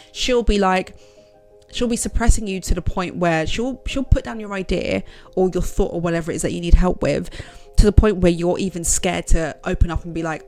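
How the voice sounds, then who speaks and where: A woman's voice: lowish voice, creaky. A woman giving frank, direct motivational advice to her viewers in a casual vlog. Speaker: self-help vlogger. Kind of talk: motivational talk to camera.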